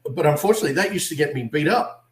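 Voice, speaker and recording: A man in his forties with an Australian accent, telling an animated story as a guest on a video call and acting out voices in quotes. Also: a little high, rapid-fire, echoey room.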